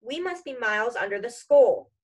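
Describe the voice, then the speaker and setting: A woman's voice: a little high, lively intonation, normal speed, breathy edge. A woman reading aloud and voicing a bossy, clever schoolgirl witch who commands her friends. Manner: bossy, anxious.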